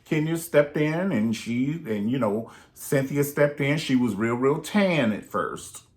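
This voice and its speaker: A man rambles through gossip commentary with a lot of sass and a lot of swearing. His mid-range voice swings widely from low to high, and he keeps cutting in with quick asides. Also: lively intonation, darkish tone. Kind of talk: unscripted gossip commentary vlog.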